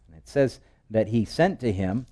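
Mellow-voiced male pastor preaching. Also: fairly low pitch, normal speed. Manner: animated storyteller, acting out the scripture voices. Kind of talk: expository sermon.

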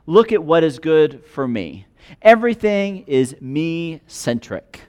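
A man preaches a sermon on a parable in a smooth, sing-song voice, taking it slowly. He reads the scripture passage aloud, then explains it in plain conversational terms, voicing the rich man's and God's words with shifting pitch and loudness.

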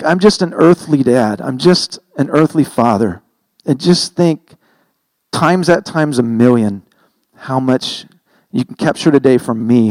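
A man's voice: mid-range voice, a little mellow, dry recording, poor audio. Earnest middle-aged male pastor preaching. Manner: earnest, conversational preaching with self-corrections. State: emotional, heavy-hearted. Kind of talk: sermon.

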